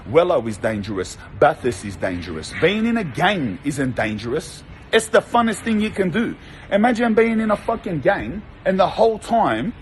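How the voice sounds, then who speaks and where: A man's voice: high-pitched, darkish tone, a little hiss or hum, rough recording. A young Australian man, a former prisoner, telling stories in a blunt, profane, rambling way full of slang. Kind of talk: casual monologue.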